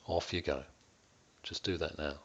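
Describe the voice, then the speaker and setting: A man with a bass voice, slightly rough and fairly even in intonation, works as a wellbeing coach leading listeners through a guided stress-management exercise. He talks to them directly, checks in often, and demonstrates with near-whispers and slow, stretched words. The audio is dull.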